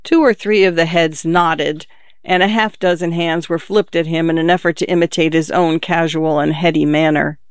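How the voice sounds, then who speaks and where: A man reading a literary short story aloud in measured, scripted narration. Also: on the high side, fairly even intonation, clean tone, dry recording, studio quality. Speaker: audiobook narrator.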